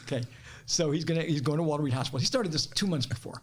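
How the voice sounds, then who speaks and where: A man's voice: fairly high pitch, rapid-fire, breathy edge. A middle-aged man with an Ohio accent telling stories as a podcast guest, laughing often and acting out quotes. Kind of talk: casual storytelling.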